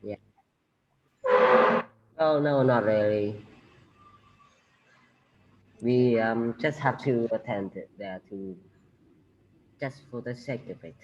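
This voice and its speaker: A man's voice: mid-range voice, takes it slowly, long pauses, a little mellow, a little hiss or hum. A male student in an online class, dry and hesitant. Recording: lo-fi video call.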